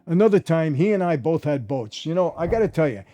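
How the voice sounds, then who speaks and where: An older man tells stories from his past in a casual, animated monologue, often turning to address his listeners directly. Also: fairly high pitch, brisk. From New York. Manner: animated, addresses listeners directly, repeats "I gotta tell you". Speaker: former mobster telling stories.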